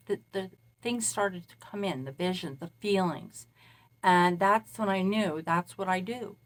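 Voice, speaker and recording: A woman's voice: fairly low pitch, fairly bright tone. A woman who calls herself a spirit medium, talking casually in a meandering monologue and recounting events at length. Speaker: self-described spirit medium.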